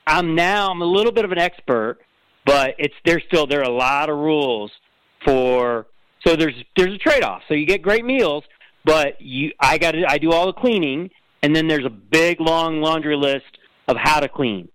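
An easygoing man as a guest in a casual chat, self-deprecating and quick to laugh. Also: a little high, lively intonation, fairly bright tone, clean tone, no echo, rough recording.

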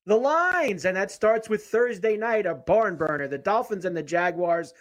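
A man hosting a sports betting show, his voice pitched a bit higher than most men. He reads injury news and point spreads steadily and keeps the segments moving. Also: normal speed.

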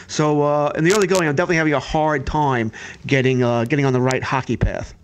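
A man's voice: on the high side, fast talker, a little hiss or hum. A man working as a sports betting analyst, telling a story casually with plenty of fillers. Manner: animated storytelling, frequent "uh" fillers.

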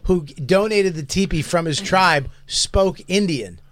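A man's voice: high-pitched, lively intonation, a little slow, crowd noise. A man co-hosting a comedy podcast, retelling a scene with incredulous, profane storytelling. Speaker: podcast co-host.

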